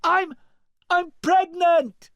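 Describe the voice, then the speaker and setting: A man's voice: mid-range voice, wildly swooping pitch, normal speed, gravelly, no room sound, dull audio, pitched above the performer's own voice, exaggerated voice. A man voicing an earnest young princess who speaks with urgent emotion. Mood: shouting.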